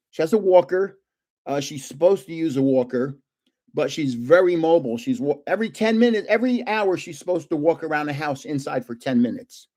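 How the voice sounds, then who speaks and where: An older man hosts a live stream and wanders from one story to another, chuckling as he goes. His voice sits a little high and swoops around a lot. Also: a little mellow. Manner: rambling, jumps between stories, chuckles often.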